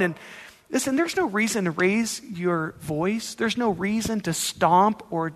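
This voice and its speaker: Casting: conversational male preacher, high voice, long hall reverb. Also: fairly bright tone. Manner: emphatic, conversational preaching with acted-out examples. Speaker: pastor. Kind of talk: sermon.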